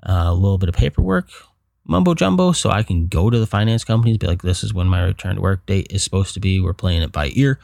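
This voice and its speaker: Low gravelly guy doing a solo podcast, venting, frustrated, dry close sound. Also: fast, few pauses, a little mellow, no room sound. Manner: frank, rambling venting with profanity. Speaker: podcast host.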